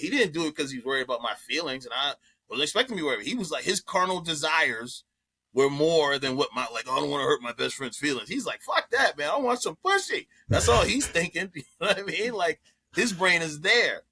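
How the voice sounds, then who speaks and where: Guy comedian spilling a story, bright forceful voice, kinda high, swears a lot, does little voices. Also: a little fast, breathy edge. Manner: animated, profane, acts out quotes in voices. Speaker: comedian guest. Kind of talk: casual storytelling chat.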